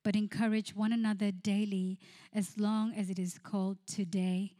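A woman pastor preaches to her congregation at a middle pitch. She moves between read scripture and personal stories, laughing often. When she quotes herself, her voice drops to a hushed near-whisper. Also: little pitch movement, normal speed. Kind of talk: sermon.

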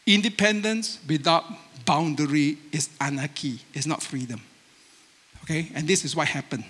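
A man preaching a sermon with Asian-accented English, animated and emphatic, acting out the voices he quotes. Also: fairly high pitch, moderate pace, husky. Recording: long hall reverb.

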